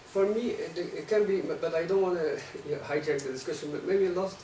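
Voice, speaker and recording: A man's voice: a little high, brisk, dark tone. A man in the audience posing provocative questions in an academic discussion, often tagging his points with "right?". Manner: provocative, rhetorical, tags statements with "right?". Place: lecture hall. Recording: echoey room, distant mic, faint noise.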